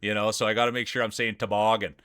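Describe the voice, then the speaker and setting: A man from Canada hosting a live stream, chatty and excitable, laughing often and calling people "dude". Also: fairly low pitch, quick pace, clean tone, no echo, clean studio sound. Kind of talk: casual live-stream commentary.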